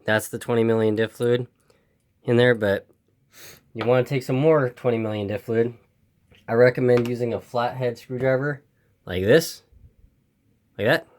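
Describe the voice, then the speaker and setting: This RC hobby video host casually walks through an RC car repair step by step in a medium-pitched, darkish voice with fairly even intonation, a moderate pace, and frequent pauses. He rambles, repeats his instructions, and apologizes for the camera, his voice giving out as he goes.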